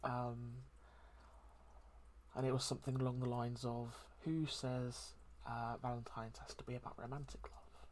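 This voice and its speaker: Slow, soft-spoken reflective host. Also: medium pitch, flat delivery, a little hiss or hum. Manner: soft, hesitant, reflective, many pauses and ums. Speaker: daily channel host. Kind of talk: heartfelt solo chat.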